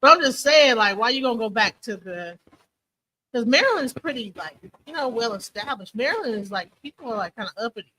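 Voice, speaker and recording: A woman's voice: a little high, expressive, a little fast, bright, forceful tone, a little hiss or hum, poor audio. A woman co-hosting a live commentary stream, talking casually and rambling, often checking in with "you know what I'm saying.".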